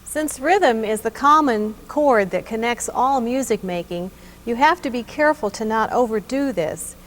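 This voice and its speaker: A woman giving scripted instructional narration about hymn playing in a measured, explanatory way. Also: fairly high pitch, animated. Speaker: narrator and organ teacher.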